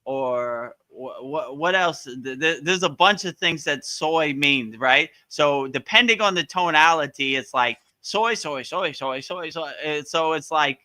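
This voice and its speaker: A man's voice: fairly high pitch, measured pace, few pauses, sharp tone, no echo. A man hosting a live online Q&A, chatting casually, joking and laughing often, with frequent stammered restarts. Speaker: host of a live Q&A. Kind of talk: casual chat.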